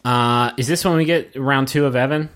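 A man's voice: medium pitch, normal speed, fairly bright tone. This man's mid-range voice sits in the middle for a man. He co-hosts a podcast in casual chat, joking about the episode and poking fun at himself. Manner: joking, self-mocking. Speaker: podcast co-host.

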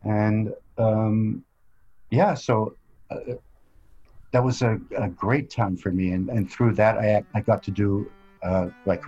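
A man, a podcast guest, telling stories in a relaxed chat full of fillers and restarts. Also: on the low side, takes it slowly, dull audio, soft background music. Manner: relaxed storytelling with many fillers. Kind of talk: casual interview chat.

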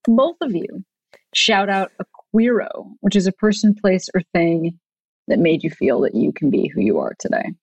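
A woman hosting a podcast in a relaxed, easygoing way as she steers the talk toward the end. Her voice is close and dry, with no room sound around it. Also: lowish voice, moderate pace, vocal fry, no room sound, muffled recording. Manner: laid-back, wraps up the episode. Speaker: podcast host. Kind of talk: casual interview.

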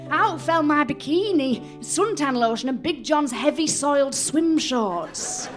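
Woman telling an absurd story deadpan. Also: high voice, measured pace, faint music behind. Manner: deadpan, absurd comic narration. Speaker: comedian narrator. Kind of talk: live comic storytelling. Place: live stage at a festival.

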